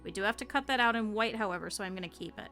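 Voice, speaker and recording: A woman's voice: mid-range voice, very fast, sharp tone, soft background music. A woman streamer chatting her viewers step by step through cutting and sewing a plush, explaining as she works. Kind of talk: casual step-by-step craft tutorial.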